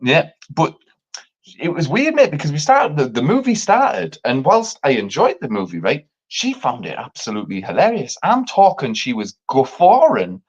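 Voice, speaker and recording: An animated man tells a story in casual chat, swearing freely and mimicking others with leaps in pitch. His voice swings widely from low to high. The stream audio is dull and lo-fi. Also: moderate pace. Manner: animated, swearing, acts out quotes with big pitch jumps. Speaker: podcast host.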